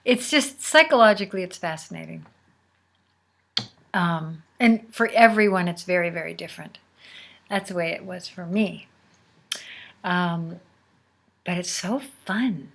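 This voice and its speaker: A woman host telling a personal story in a casual, unhurried way, sometimes dropping to a near whisper. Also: mid-range voice. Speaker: podcast host.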